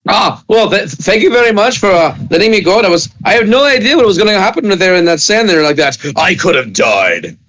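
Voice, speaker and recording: A man putting on a strange, overly polite mud man, cheerful and a bit unhinged. The voice sits high and bright, with a lively, eager edge. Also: a little fast, few pauses. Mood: odd, polite. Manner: chipper, overly polite, blurts odd lines.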